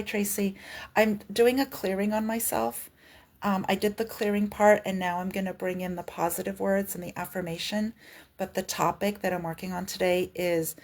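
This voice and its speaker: A woman energy healer gently guiding viewers through a live-streamed clearing session, speaking softly with slow pauses. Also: lowish voice.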